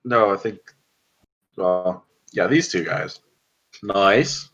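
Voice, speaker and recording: A man's voice: low voice, takes it slowly, fairly bright tone, muffled recording. A man playing in a tabletop game, joking and amused by the fight. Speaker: player. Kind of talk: casual tabletop play.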